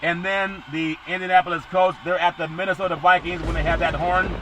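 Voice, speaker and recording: A man's voice: high voice, flat delivery, brisk. Rambling sports-talk man, traffic behind. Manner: rambling and jokey, with loud bursts. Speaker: sports podcast host. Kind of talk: casual sports talk, running through the game schedule.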